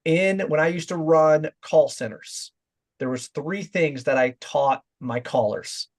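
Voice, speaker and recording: Male sales coach, pitch a bit high, direct and confident delivery, acts out examples. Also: takes it slowly. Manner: direct, demonstrates voice tones in quoted examples. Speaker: sales trainer. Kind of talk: training talk.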